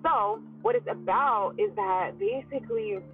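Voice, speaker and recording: A woman's voice: mid-range voice, lively intonation, measured pace. Solo woman podcast host, chatty and reflective, acts out her own inner voice; narrow phone-line audio with faint music under it. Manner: musing, acts out her own thoughts in quotes, many hums. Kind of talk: casual solo monologue.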